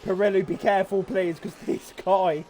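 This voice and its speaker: Excitable high-voiced man calling a race. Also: normal speed, a little hiss or hum. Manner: excitable, swearing, laughing in disbelief. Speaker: race commentator. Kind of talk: live sim racing commentary.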